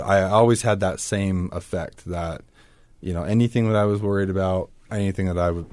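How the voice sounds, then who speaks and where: A man's voice: deep voice, darkish tone. A man as a podcast guest, telling his personal story in an earnest, reflective way.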